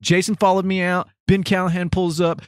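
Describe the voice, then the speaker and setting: Fast-talking man telling an animated story. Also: high voice, dry recording, clean studio sound. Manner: animated, acts out quotes, rambling with restarts. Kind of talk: casual storytelling chat.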